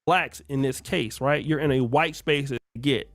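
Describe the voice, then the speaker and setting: A man's voice: mid-range voice, normal speed, a bit bright, faint music behind. A man giving mocking, trash-talking commentary on a clip, laughing often. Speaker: commentator reacting to a stream clip.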